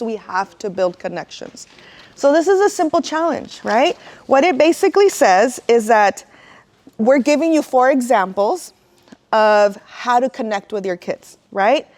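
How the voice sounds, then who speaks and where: A woman's voice: on the high side, a little mellow. A middle-aged woman giving a casual, heartfelt talk to parents, full of "right?" and emotional asides.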